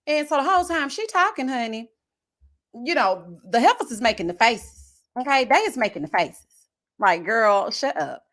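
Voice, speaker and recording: This young host of a reality-show review channel speaks in a high voice at normal speed. Her casual live recap is sassy and lively, with plenty of shade and slangy asides.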